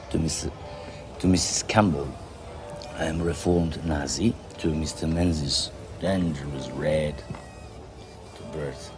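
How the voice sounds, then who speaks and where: A man playing a bitter, hard-drinking Polish immigrant in 1950s Australia, speaking broken English with a Polish accent. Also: rumbling low. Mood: tipsy mirth. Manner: broken English, brooding then boisterous. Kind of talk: film drama acting.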